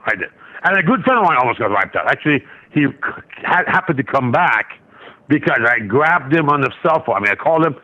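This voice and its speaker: A man's voice: medium pitch, big pitch swings, a little fast. A man guest on a market radio show, telling a trading story in a rambling way, with many restarts and asides. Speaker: guest market analyst and trader. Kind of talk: casual radio interview storytelling. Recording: dull lo-fi line.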